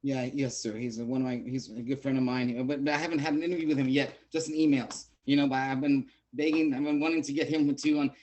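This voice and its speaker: A man's voice: medium pitch, level tone, fast talker, few pauses, a little mellow, a little hiss or hum. A man hosting a casual interview, polite and deferential with his guest. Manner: polite, says "yes, sir" often. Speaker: host, interviewer.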